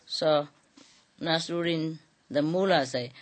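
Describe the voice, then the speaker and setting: Storyteller: woman, unhurried delivery, chatty asides, laughs along with the tale. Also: on the low side, fairly bright tone. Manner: chuckling, conversational, asides with 'you know'. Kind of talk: oral folk-tale telling.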